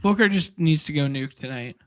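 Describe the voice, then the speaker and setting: A man's voice: fairly high pitch, animated, fairly quick, a bit bright, no echo. A man co-hosting a podcast, casually chatting through fantasy sports picks and thinking aloud. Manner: rambling, restarts while thinking aloud. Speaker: podcast co-host.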